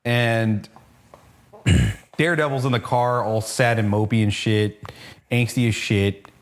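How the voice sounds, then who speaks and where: A man talks through a comic issue in a rambling, casual way, swearing freely. He slips into quick line readings of the characters as he goes. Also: fairly low pitch. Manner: rambling, swears freely, acts out cops' lines in passing. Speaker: comic book podcast co-host. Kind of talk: casual profane recap chat.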